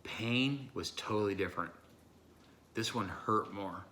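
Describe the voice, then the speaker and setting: A man vlogging a hot sauce challenge, his voice strained and breathy, gasping and pausing as he recovers. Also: lowish voice, bright, forceful tone, slight background noise. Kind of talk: casual vlog talk to camera.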